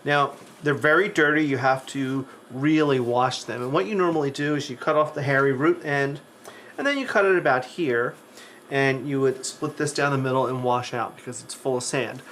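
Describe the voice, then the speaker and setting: A man's voice: mid-range voice, normal speed, fairly bright tone, a little hiss or hum. A man hosting a live cooking demo, talking chattily to his viewers while he cooks. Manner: chatty storyteller who talks to the chat. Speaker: cooking show host.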